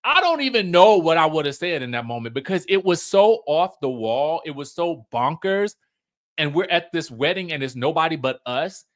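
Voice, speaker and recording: A man's voice: fairly high pitch, moderate pace. A man giving a casual commentary recap of a reality show, chatty and emphatic, acting out what the cast said. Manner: animated storytelling, acts out quotes in raised voices.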